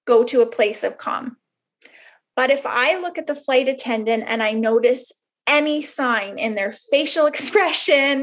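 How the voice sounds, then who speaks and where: A woman counsellor explaining a concept in a webinar, in an explanatory way with fillers and everyday examples. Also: fairly high pitch. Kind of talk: webinar presentation.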